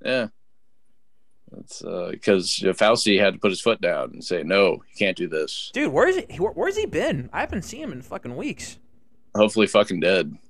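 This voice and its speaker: A man's voice: on the low side, normal speed, no room sound. Young guy cohosting a podcast, swears constantly, rambly and worked up, dry close sound. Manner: profane, rambling and excitable. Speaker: podcast co-host. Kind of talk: casual podcast banter.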